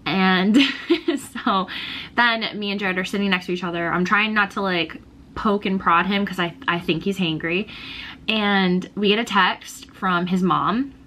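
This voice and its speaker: A woman's voice: mid-range voice, measured pace, sharp tone, slight background noise. A young woman telling a personal story in a casual, gushing vlog, often laughing and emotional. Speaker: vlogger.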